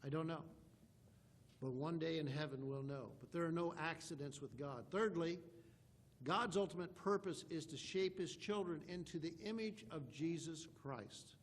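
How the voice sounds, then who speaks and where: A man's voice: fairly high pitch, moderate pace. A man, a pastor, preaching an emphatic sermon and reading scripture aloud in old-fashioned wording from a church sanctuary.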